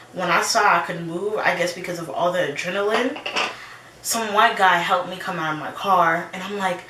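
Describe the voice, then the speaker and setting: A young woman in her twenties telling a personal story in a casual, animated chat with her viewers. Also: on the low side, a little hiss or hum. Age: 20s. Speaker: vlogger. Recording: roomy echo, slightly distant mic.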